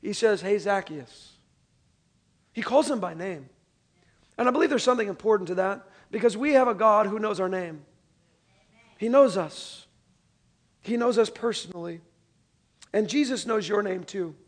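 Speaking at normal speed with long pauses, a high-voiced pastor preaches like a friend to his congregation. He has the room repeat lines after him, shifting from loud, pressing emphasis to hushed delivery.

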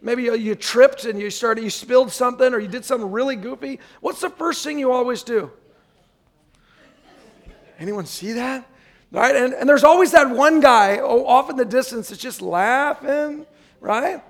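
A man's voice: very high-pitched, normal speed, creaky. A man preaching a sermon in a church, in a conversational way with frequent asides to the congregation. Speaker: pastor.

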